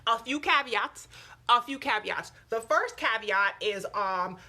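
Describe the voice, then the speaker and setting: A woman's voice: a little high, animated, measured pace, sharp tone. A young woman from the US Virgin Islands with an island accent, chatting animatedly to viewers on a Facebook Live from her home staircase. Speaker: vlogger. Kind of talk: casual Facebook Live chat.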